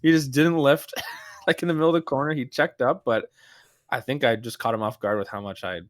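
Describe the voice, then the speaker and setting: A man co-hosting a podcast in casual chat, telling stories in an animated way with lots of restarts and fillers. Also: medium pitch, fairly quick, dry recording. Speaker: podcast co-host.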